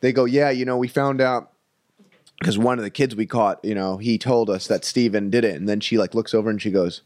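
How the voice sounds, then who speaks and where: A man's voice: fairly low pitch, steady tone, a little fast, darkish tone, dry recording. Rambling young comedian man, dry sound. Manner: rambling, filler-heavy, with many "like" and "you know". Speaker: stand-up comedian guest. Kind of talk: casual storytelling in a podcast chat.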